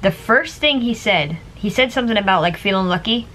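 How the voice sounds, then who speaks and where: A woman's voice: mid-range voice, animated, brisk, a bit bright, slight background noise. Chatty, rambling woman vlogger. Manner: chatty and rambling, with frequent fillers and laughs. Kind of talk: casual chat to camera.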